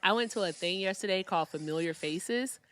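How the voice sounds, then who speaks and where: A woman's voice: mid-range voice, a little fast, a bit bright, clean tone, no echo. A woman from Virginia with a Midwestern accent hosting a casual livestream, chatting and thanking viewers for their gifts. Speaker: livestream host.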